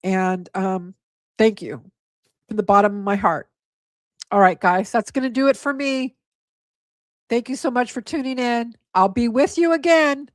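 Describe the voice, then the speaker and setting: A tired, hoarse woman hosting a casual livestream, thanking her viewers and getting emotional, and stumbling over names. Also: on the high side, animated, unhurried, long pauses, no echo, studio quality. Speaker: livestream host.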